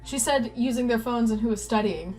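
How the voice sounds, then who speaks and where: A woman's voice: on the high side, brisk, a little mellow, faint music behind. A woman reading a visual novel aloud and chatting, dry and teasing. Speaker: game player, reader.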